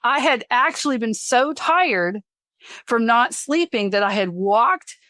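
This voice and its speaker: A woman's voice: fairly high pitch, animated, takes it slowly, a bit bright, dry recording, clean studio sound. A middle-aged woman hosting a podcast interview, telling stories in a rambling, chatty way and laughing as she talks. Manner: chatty, rambling storyteller who laughs mid-sentence. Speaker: podcast host. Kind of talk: casual interview chat.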